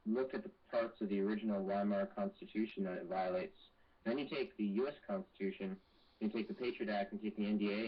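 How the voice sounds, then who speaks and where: A young man as an interview guest over a call, telling his story in an earnest, intense way. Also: on the low side. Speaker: guest, activist. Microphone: Skype call. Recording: distant, dull Skype call audio.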